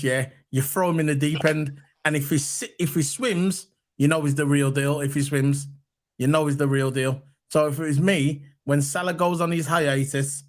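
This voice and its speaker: A man hosting a casual football fan chat, animated and repeating his points for emphasis. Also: fairly high pitch. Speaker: football podcast host.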